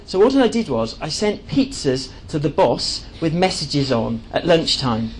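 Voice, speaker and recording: A man's voice: a little high, very animated, unhurried, slight background noise, poor audio. Chatty man giving a talk. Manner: enthusiastic, chatty, with frequent fillers and restarts. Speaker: speaker at a live talk. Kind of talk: presentation to an audience.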